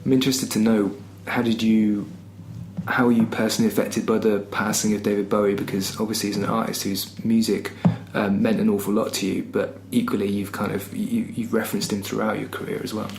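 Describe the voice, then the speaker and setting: A man with a lowish, gravelly voice asks thoughtful interview questions at an even, measured pace. A faint ambience sits under his voice. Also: a little hiss or hum, rough recording. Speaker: podcast interviewer.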